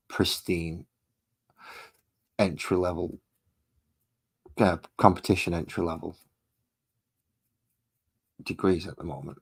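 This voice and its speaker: A man with a low, slightly husky voice rambles casually as he works through his painting. He thinks aloud and pokes fun at himself, in an unhurried, chatty way at a home hobby desk. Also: steady tone, rough recording. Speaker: miniature painting hobbyist host.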